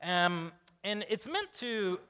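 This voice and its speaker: A man preaching a conversational sermon, casual and animated, asking the congregation questions and acting out the voices he quotes. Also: high voice, slow, clean tone. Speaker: pastor.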